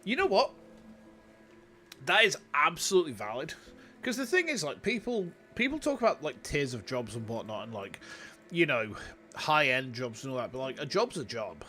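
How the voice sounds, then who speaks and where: Bright and forceful, a medium-pitched male voice swings broadly in pitch at a normal pace. He's a young VTuber from Yorkshire, England, chatting loosely to his audience during a city-building game.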